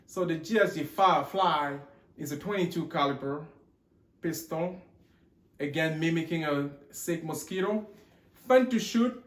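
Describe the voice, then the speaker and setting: A man's voice: fairly high pitch, fairly bright tone, a little hiss or hum. Joking man with a put-on drawl. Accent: put-on mixed Texan and Australian. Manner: rambling, joking, loses count. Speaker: gun channel host. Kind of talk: casual show-and-tell vlog. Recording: echoey room.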